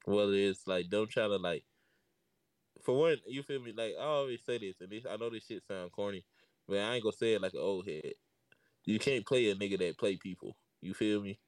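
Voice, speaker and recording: A man's voice: on the low side, fairly quick, no room sound, far from the mic. A young man co-hosting a casual podcast, talking in a laid-back slangy way with lots of fillers. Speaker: podcast co-host.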